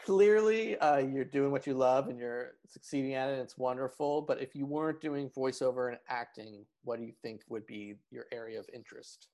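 A man hosts a podcast interview in an easygoing conversational way, cracking teasing jokes at his guest. His voice carries a gravelly rasp at a middle pitch. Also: a little fast, hardly any pauses, dark tone. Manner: joking, teasing. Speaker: podcast host.

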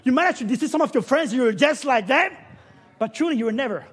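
High-voiced husky man preaching. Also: lively intonation, fast. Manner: builds to shouting, dramatic swings in delivery. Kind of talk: sermon.

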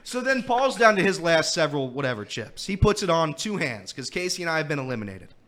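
Man, sports talk host, bright tense tone, slightly high voice, animated storyteller, throat a bit rough. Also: quick pace. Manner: animated storyteller, laughing often. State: dealing with a throat thing. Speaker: guest host. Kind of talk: casual sports radio chat.

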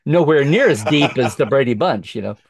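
A middle-aged man from Oklahoma tells a story in a casual podcast chat. He is animated, jumps between quoted voices and restarts his sentences often. His voice sits mid-pitch in a dry, close recording. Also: brisk, creaky, husky, no echo. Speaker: podcast guest.

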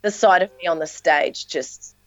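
An Australian woman chatting on a podcast, telling stories with energy and acting out the people in them. Her voice sits fairly low, and the recording is dry and a little dull. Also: moderate pace, no echo. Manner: animated storyteller, acts out quotes. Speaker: dance teacher and performer. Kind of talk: casual podcast chat.

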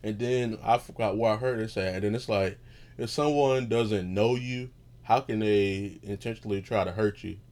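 A man's voice: lowish voice, normal speed, darkish tone. A man hosting his own show, talking in a loose, profane, meandering monologue that keeps losing its thread, recorded while lying in bed at home. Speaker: podcast host. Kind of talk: casual rambling monologue.

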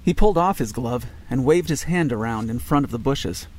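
A man reading an audiobook in measured scripted narration. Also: mid-range voice, lively intonation.

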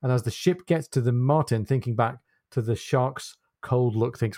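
A man of middle pitch retells a novel chapter for a podcast audience. He talks in a measured, descriptive way, pausing now and then to find the word. The sound is dry and close. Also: darkish tone, no echo. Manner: measured, descriptive storytelling with occasional hesitations. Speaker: podcast co-host.

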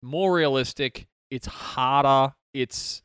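A man's voice: mid-range voice, takes it slowly, fairly bright tone, clear, resonant tone, no echo. A man, co-hosting a gaming podcast in casual chat, rambling through a story and laughing easily. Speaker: podcast co-host. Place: studio. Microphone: podcast mic.

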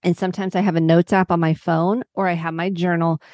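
A woman's voice: on the low side, flat delivery, a little fast, darkish tone, no room sound. A woman psychotherapist on a podcast, earnestly walking through examples step by step. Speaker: psychotherapist guest. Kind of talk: podcast interview.

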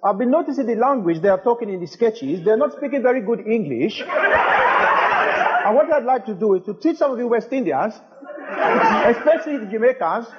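An actor playing a pompous young Nigerian accountancy student lecturing a studio audience in a comedy sketch. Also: male voice, high voice, animated, normal speed. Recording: dull old TV recording, loud noise, hall echo.

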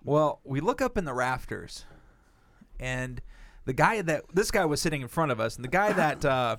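A man co-hosting a podcast, telling a profane, animated story with frequent laughter. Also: on the high side, moderate pace, no room sound. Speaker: podcast co-host. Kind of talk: casual storytelling.

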